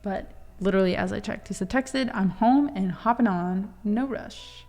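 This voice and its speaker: A young woman talks casually to her livestream viewers, chatty and openly emotional, her voice at an ordinary middle pitch. Faint music plays softly behind her. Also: moderate pace. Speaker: livestream host.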